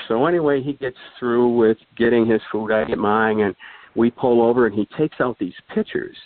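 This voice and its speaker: Using a mid-range voice at normal speed, an older man tells a long story as a guest, casual and rambling, filled with fillers and restarts. The audio is dry and has a thin, phone-like sound.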